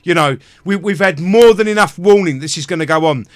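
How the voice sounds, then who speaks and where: British male livestream host, high voice, dry close sound, furious profane ranting. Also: brisk, no room sound. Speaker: live stream host. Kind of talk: livestream rant.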